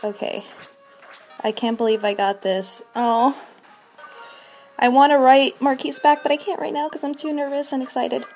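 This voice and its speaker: A young woman streaming a video game, breathless and shaking with excitement, gushing and repeating her exclamations. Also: sits high, moderate pace, pauses often, faint music behind. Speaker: shiny hunting streamer. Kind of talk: excited live game commentary.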